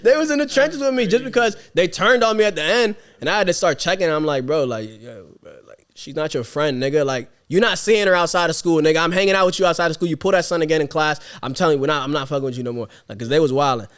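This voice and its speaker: A man's voice: fairly high pitch, very fast, hardly any pauses. A young man hosting a podcast, telling a story in casual slangy chat and acting out the people he quotes. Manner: animated, slangy, acts out quotes in other voices. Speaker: podcast host.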